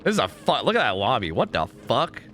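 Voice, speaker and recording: A young man streaming a game, chatting casually with his viewers, swearing freely and trailing into quick asides. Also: medium pitch, huge pitch swings, a bit bright, slight background noise. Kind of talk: casual gaming commentary.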